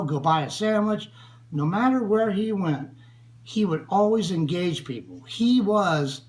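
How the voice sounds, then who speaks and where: An older man from the United States, speaking in an earnest, grieving tribute to a friend who was killed, with long pauses. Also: high voice, rough recording. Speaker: friend speaking about a slain friend. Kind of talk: spoken tribute.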